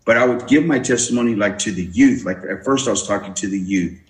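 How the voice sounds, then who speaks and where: A man's voice: fairly low pitch, fast. A man giving his testimony as an interview guest, telling his story with many restarts and acting out the voices he quotes. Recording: roomy echo.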